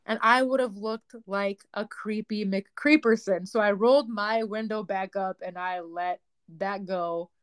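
A woman's voice: mid-range voice, unhurried, hardly any pauses, clean tone. A woman, co-hosting a podcast in casual chat and acting out the voices in her stories. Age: 20s. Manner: animated storytelling, acts out quoted voices. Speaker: podcast co-host.

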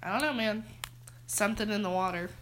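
A teenage girl co-hosts a casual podcast, her voice medium-pitched and a little quick. She tells childhood stories in a relaxed chat, often laughing mid-sentence.

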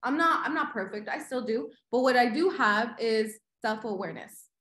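High-voiced woman giving an animated motivational talk, echoey room, lots of "like" and "right?". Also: normal speed. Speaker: podcast guest.

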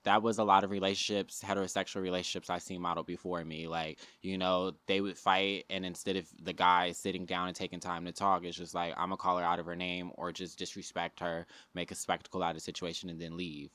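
A young man with a very deep voice talks candidly in a casual chat. He is emphatic and sure of himself. The recording is dry and close. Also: level tone, fast, hardly any pauses, sharp tone, dry recording. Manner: candid, emphatic, laughs often.

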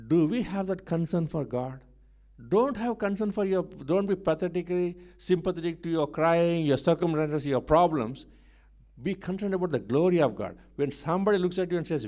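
Fervent male preacher, high-pitched. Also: animated, normal speed. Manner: emphatic, repetitive, swings between soft and loud. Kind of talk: sermon.

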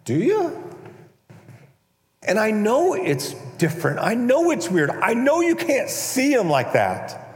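A man preaching a conversational, animated sermon as a pastor, now and then acting out prayers in a mock-pompous voice. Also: high-pitched, measured pace, hardly any pauses. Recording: echoey hall, long reverb.

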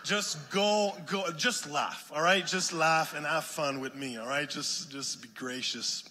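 French-accented preacher in an echoing church. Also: male voice, fairly high pitch, measured pace. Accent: Quebec French. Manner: jokey and warm at first, then builds to fervent shouted preaching. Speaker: guest preacher. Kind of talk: sermon. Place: church sanctuary. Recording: long hall reverb in a church.

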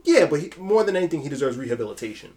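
A young man co-hosting a podcast in casual chat, animated and profane, with stretches where he acts out lines himself. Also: fairly high pitch, racing. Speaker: podcast co-host.

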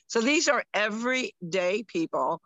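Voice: mid-range voice, lively intonation, unhurried, a bit bright, dry recording, muffled recording. A podcast co-host chatting casually, rambling with lots of fillers. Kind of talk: casual chat.

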